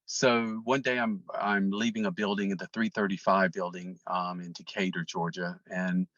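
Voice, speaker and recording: A man with a bright, forceful voice tells a long personal story in casual conversation. He rambles, stopping and restarting with lots of ums. The sound is dull and a little muffled, as if recorded on lo-fi gear. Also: deep voice, level tone, moderate pace, no room sound. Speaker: interview guest.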